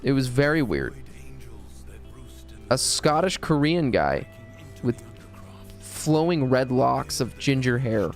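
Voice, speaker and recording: A man from the United States streaming live and rambling through a profane, joking story. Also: a little high. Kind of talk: casual storytelling.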